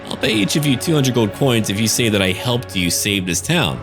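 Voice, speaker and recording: A man voicing a cowardly male noble who pleads and offers bribes, in a high, raised voice. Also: big pitch swings, fairly quick, over music. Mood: wheedling.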